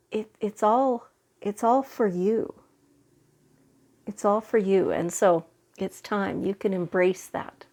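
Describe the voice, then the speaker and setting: A woman giving a weekly spiritual card reading in a gentle, reassuring way, getting over a head cold. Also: mid-range voice. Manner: slow, gentle, reassuring with fillers and restarts. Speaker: tarot and oracle card reader.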